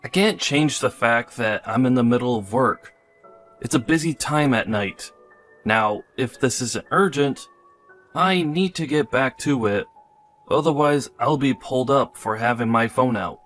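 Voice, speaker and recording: An impatient husband brushes off questions in an ordinary mid-pitched voice, a man acting him out. He sounds evasive and busy, and soft music plays underneath. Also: unhurried, natural voice. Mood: dismissive. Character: dismissive husband at work, evasive. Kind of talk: text-story voice acting.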